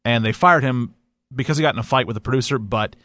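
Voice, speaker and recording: A man explains a news story in a matter-of-fact way. His voice is mid-pitched and dry. He keeps the tone plain. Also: fast, a bit bright, no echo. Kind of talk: explaining on radio.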